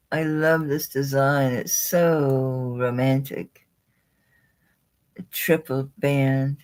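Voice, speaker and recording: A woman running a live jewelry sale, chatting excitedly and talking to the pieces she pulls out. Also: deep voice. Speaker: online jewelry seller. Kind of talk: live-stream sales chat.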